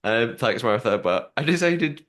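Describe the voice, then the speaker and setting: A podcast co-host chats casually and reads listener messages aloud, often restarting sentences and repeating words. His medium-pitched voice is expressive, fairly bright and a little slow.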